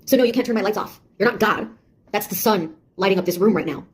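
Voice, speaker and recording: A woman's voice: mid-range voice, fast, a little hiss or hum, lightly acted. An actress playing a sarcastic young woman, a beta tester who mocks and scolds a nosy AI in a one-sided audio drama. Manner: mocking, taunting, exasperated.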